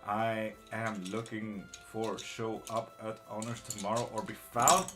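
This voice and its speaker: Man, middle-aged, low voice, casual live-stream tarot reader, reads chat aloud, faint music behind. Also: flat delivery, unhurried. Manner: casual, reads chat aloud, mutters curses under his breath. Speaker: tarot reader and witchcraft teacher.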